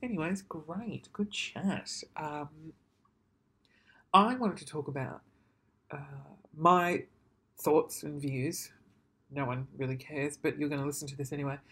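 A man's voice: a little high, a bit bright, slightly rough. A man ranting casually to camera, swearing freely and then apologising, in a rambling, self-deprecating way. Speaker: vlogger.

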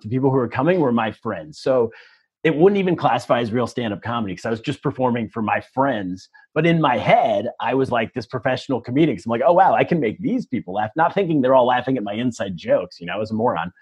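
Husky self-mocking comedian man. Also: mid-range voice. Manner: self-deprecating, rambling with restarts. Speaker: stand-up comedian guest. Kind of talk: casual storytelling interview.

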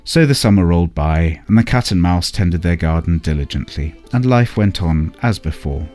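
Reading a bedtime story aloud, a man keeps a calm, unhurried pace. His voice is very low, with faint instrumental music playing beneath it.

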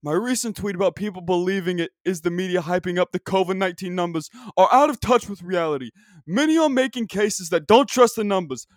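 A man putting on the voice of an excitable older male basketball commentator who shouts his catchphrases with over-the-top enthusiasm. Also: sits high, a little fast, dry recording, studio quality. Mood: hyped, exclaiming. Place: at home, dog nearby.

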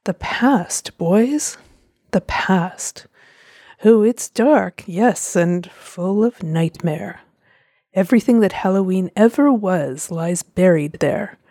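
A woman voicing a theatrical, sepulchral old male spirit who talks slowly and grandly. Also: warm tone, no echo, clean studio sound. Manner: slow, booming, grandly ominous.

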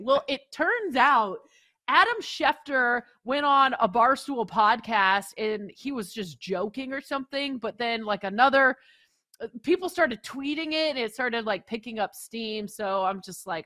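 A woman with a slightly high voice chats on a sports betting show. She tells her story in a loose, laughing, conversational way. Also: lively intonation, a little slow, bright, forceful tone. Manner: chatty storyteller, laughs often. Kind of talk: casual chat.

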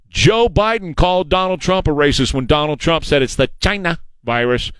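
A man's voice: fairly high pitch, normal speed, fairly bright tone, clear, resonant tone, dry recording. A man hosting a talk show, giving a combative, sarcastic political monologue and mocking his opponents. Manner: combative, sarcastic, mocks opponents in put-on voices. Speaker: radio talk show host.

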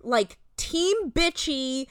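A woman's voice: sits high, animated, extremely slow, dry recording, clean studio sound. A young woman co-hosting a casual podcast, recapping a reality show with lots of fillers and voiced-out quotes. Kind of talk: casual chat.

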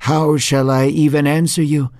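A man voicing Job, a frightened, humbled older man who speaks in a trembling, hushed way. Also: fairly high pitch, flat delivery, normal speed, no echo, clean studio sound, lightly acted.

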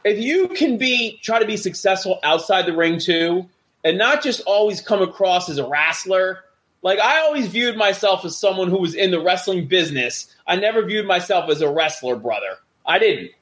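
A man's voice: sits high, normal speed. A middle-aged man, a former wrestler, telling backstage stories in a casual chat and acting out the voices of people he quotes. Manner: animated, acts out quoted voices. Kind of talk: casual storytelling.

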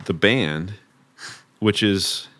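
A man hosting a casual interview, eager and quick to agree, with many fillers. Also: fairly low pitch, fairly bright tone, dry recording. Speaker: podcast host.

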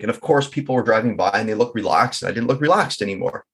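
Middle-aged male guest, husky, open and reflective, stumbles over words now and then. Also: medium pitch, fast, a bit bright. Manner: candid and reflective, with occasional stammering. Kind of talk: personal storytelling in an interview.

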